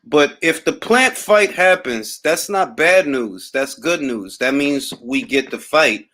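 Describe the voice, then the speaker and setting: A young man from Harlem talks with a relaxed New York accent, hosting a casual boxing livestream. He answers viewer comments in an easy, drawling way that turns wry and a little boastful. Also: a little high, slow. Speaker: boxing talk host reading live chat.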